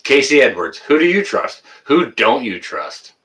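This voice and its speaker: A man's voice: mid-range voice, big pitch swings, unhurried, fairly bright tone, far from the mic. A man hosting a casual livestream, reading viewer comments and ranting, getting worked up and then apologizing.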